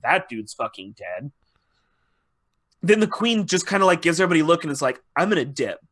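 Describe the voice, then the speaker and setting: A man's voice: fairly high pitch, big pitch swings, fairly quick, a bit bright. A man hosting a podcast, casually retelling a TV episode in a rambling, profane way and acting out the characters' lines. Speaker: podcast host.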